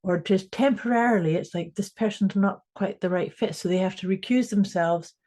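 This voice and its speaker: Woman co-host, thoughtful, pauses for words, mid pitch. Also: dark tone. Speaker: podcast co-host, coach. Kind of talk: casual chat.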